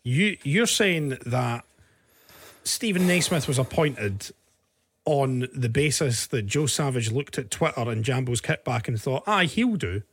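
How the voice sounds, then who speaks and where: A man's voice: medium pitch, a little slow, slightly rough. A man co-hosting a casual football podcast, teasing his partner and pressing him to summarise. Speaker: podcast co-host.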